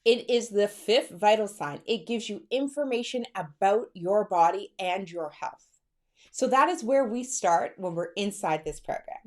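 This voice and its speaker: A woman fertility coach talking straight to camera in a chatty, excited and personal way, calling her viewers girl and sis. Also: medium pitch. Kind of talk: direct-to-camera coaching talk.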